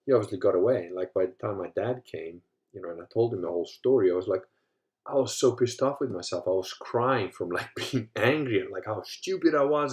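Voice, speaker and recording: Brief: man, 50s, from Africa, low-pitched, casual profane storyteller who shifts from mutters to loud bursts. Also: brisk. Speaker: host. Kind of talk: casual monologue.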